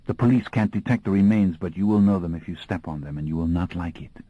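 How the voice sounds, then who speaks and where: A man voicing an elegant young male vampire with a French accent, speaking in a hushed, smooth hiss. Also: sits low, fast, no echo, narrow, tinny audio, close to an everyday voice. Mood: commanding.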